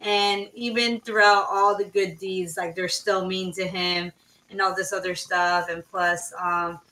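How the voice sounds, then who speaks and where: A woman's voice: on the low side, flat delivery, a little slow, sharp tone, far from the mic, poor audio. A woman co-hosting a casual movie podcast, chatty, trailing off and using lots of fillers. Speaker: podcast co-host.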